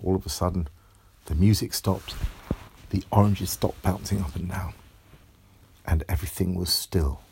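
A man telling a bedtime story, in a hushed and animated way that often drops to a whisper. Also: low voice, normal speed, vocal fry, pauses often, a little hiss or hum.

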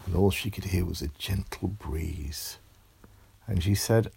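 A man telling a bedtime story, in a hushed and animated way that often drops to a whisper. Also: low-pitched, unhurried, creaky, breathy edge.

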